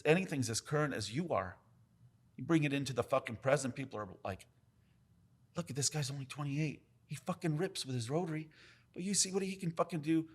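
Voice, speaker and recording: Emphatic, profane tattoo veteran. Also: male voice, mid-range voice, husky. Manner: profane, emphatic, talks with his hands about craft. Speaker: tattoo artist guest. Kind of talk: casual podcast storytelling.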